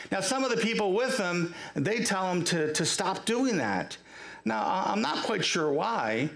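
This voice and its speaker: Male pastor, storytelling sermon, raspy-gravelly, roomy church live stream. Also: sits high, very animated, measured pace, fairly bright tone. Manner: storytelling, acts out the cries, jokes with the congregation. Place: church sanctuary.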